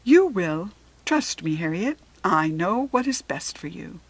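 A woman reading a storybook and voicing a wise, cryptic magical hare, with a breathy, calm and knowing manner. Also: lowish voice, measured pace, full character voice, low-quality recording.

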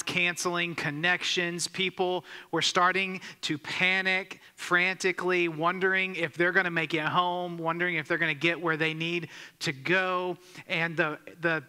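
A pastor delivers a sermon in a church sanctuary, telling a story conversationally and putting questions to the congregation. His voice is fairly high, pushed and bright, and smooth, carried by long hall reverb.

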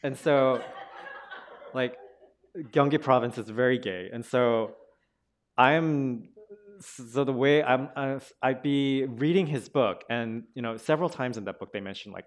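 A man's voice: medium pitch, a little slow. A man from South Korea, a translator speaking casually at a book event, chatty and full of fillers and restarts. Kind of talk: casual conversational talk.

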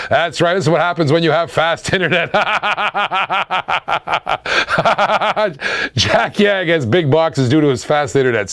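Man, live auction host, excitable, laughing, repeats himself, higher voice, dry sound. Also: dry recording.

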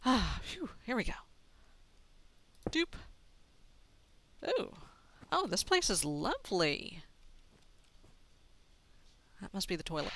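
A woman's voice: a little high, big pitch swings, measured pace, long pauses, fairly bright tone, slight background noise. A woman giving playful, chatty commentary while she plays a video game, talking to herself as she goes. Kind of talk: gameplay commentary.

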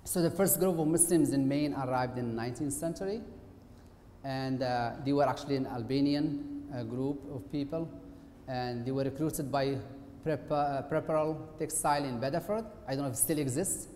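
A man's voice: mid-range voice, normal speed, dark tone. A middle-aged man, an occupational therapist, giving a conversational, somewhat hesitant presentation lecture in a university auditorium. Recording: echoey hall with faint hiss.

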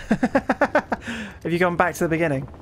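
A man co-hosting a casual gaming stream, excitable and cheering, with lots of stammered restarts. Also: high voice, measured pace, over loud music.

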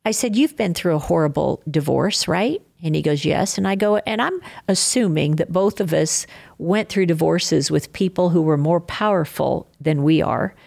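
A woman's voice: low-pitched, normal speed, gravelly. An older woman, a podcast guest, telling stories of faith and divorce and acting out the people she quotes. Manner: animated storyteller acting out quoted voices. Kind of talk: faith-filled storytelling interview.

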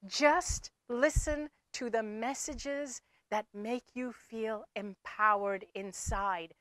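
Woman, spiritual speaker; earnest, repetitive motivational delivery, higher-pitched voice. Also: slow pace, fairly bright tone, no room sound. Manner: earnest, repeats herself with fillers. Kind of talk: motivational talk to viewers.

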